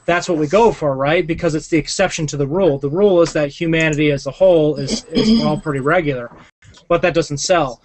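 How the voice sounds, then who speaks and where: A man's voice: a little high, a little fast, a little hiss or hum. A young man hosting a podcast, talking earnestly in rambling casual chat with lots of fillers. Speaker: podcast host.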